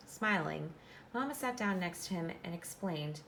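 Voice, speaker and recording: This is a woman teacher's classroom read-aloud of a storybook: clear, instructive, with pauses for explanation. Her lowish voice has lively intonation, and slight background noise is present.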